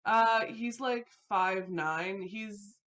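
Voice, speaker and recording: A woman's voice: medium pitch, drawn-out words, fairly bright tone. A woman with a mid-range voice plays a tabletop role-playing game. She talks casually, often filling gaps with little words. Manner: chatty, many fillers. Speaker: player.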